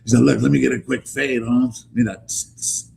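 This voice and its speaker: A man hosting a casual live stream, talking in animated, profane banter with bits of Spanish slang. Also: mid-range voice, brisk, vocal fry, slight background noise.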